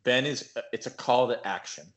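Podcast host: relaxed man, mid pitch, rambling casual chat. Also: normal speed. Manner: laid-back, rambling.

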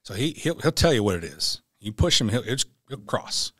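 A lowish-pitched man in his forties tells a personal story as a podcast guest. His voice is halting and often doubles back over words. The sound is close and dry, with no room echo. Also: sing-song, fairly bright tone, breathy edge. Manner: halting, repeats words when emotional. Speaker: podcast guest, military veteran.

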